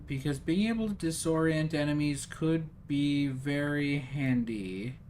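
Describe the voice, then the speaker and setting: Slow-talking rambling gamer guy. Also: a little high, darkish tone, a little hiss or hum. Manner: rambling, self-deprecating, thinking aloud. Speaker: gaming streamer. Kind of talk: casual let's-play commentary.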